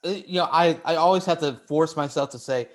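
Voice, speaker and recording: A man's voice: fairly high pitch, a little fast. A man hosting a casual sports podcast, asking long rambling questions and repeating phrases as he works them out. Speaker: podcast host.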